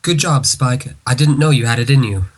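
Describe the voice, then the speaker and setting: A solemn, regal pony princess, as read aloud by a man in a casual comic read-along. The lines come in a halting way, in an everyday middle-pitched voice. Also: lightly acted. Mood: earnest.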